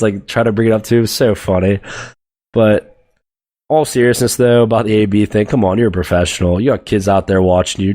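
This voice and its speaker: A man's voice: fairly low pitch, darkish tone. A young man hosting a solo sports podcast, ranting bluntly and profanely about teams, players and the media. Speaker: podcast host.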